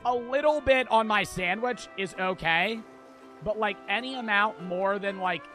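A young male streamer riffing over gameplay, crude, joking and quick to curse. His voice is high for a man. Game music sits clearly under his talk. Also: bright, forceful tone. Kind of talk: live gameplay commentary.

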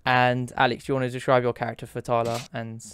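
A man's voice: medium pitch, monotone, fast, fairly bright tone, a little hiss or hum. A young man who narrates as game master in a tabletop game, talking in a casual way with restarts and laughs.

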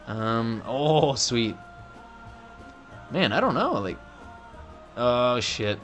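A man's voice: medium pitch, lively intonation, measured pace, pauses often, fairly bright tone, soft background music. A young man doing profane, joking let's play commentary on a game. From Canada. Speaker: gaming commentator.

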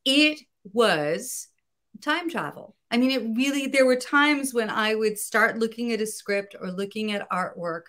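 A woman with a bright, fairly high voice, chatting as a guest about her writing. She talks in an animated way, laughs easily and often gropes for a word mid-sentence. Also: measured pace. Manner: animated, laughing, searching for words. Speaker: comic book writer, guest. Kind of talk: casual interview chat.

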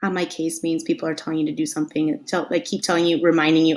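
A woman's voice: sits low, steady tone, fast talker, hardly any pauses. A woman teaching a lesson to children in a patient, friendly way, acting out the example sentences. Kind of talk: classroom lesson talk.

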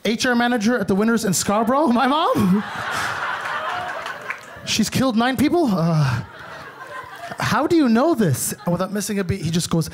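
A young man from Eritrea, doing animated, punchy stand-up comedy. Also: high voice, moderate pace, long pauses, background noise.

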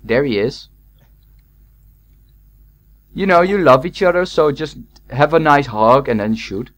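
A man's voice: mid-range voice, lively intonation, measured pace, fairly bright tone. Teasing young man gaming with friends. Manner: teasing, playful, sing-song. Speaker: gamer in voice chat. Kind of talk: casual gaming chat.

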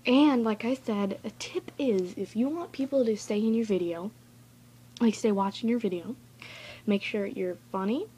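A woman's voice: medium pitch, moderate pace, warm tone, husky. A woman recording a casual, rambling tutorial vlog in her bedroom, chatty and goofy and easily sidetracked. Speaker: vlogger.

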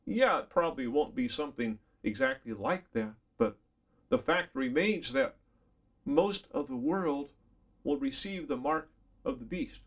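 Man preaching a sermon, slow and deliberate, earnest and emphatic, speaks straight to the listener. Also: mid-range voice, expressive. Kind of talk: sermon Bible study.

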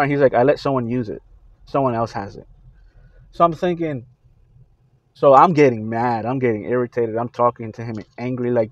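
A man on a Christian video channel recounting his dreams in a casual, halting way, with many fillers and restarts. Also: mid-range voice, no echo, lo-fi sound.

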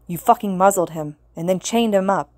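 A woman's voice: medium pitch, fairly quick, darkish tone, dry recording, lightly acted. A woman reading Kirishima, a raw distraught teenage boy. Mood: furious. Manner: pleading, choked, emotional. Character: teenage boy hero student, angry then heartbroken.

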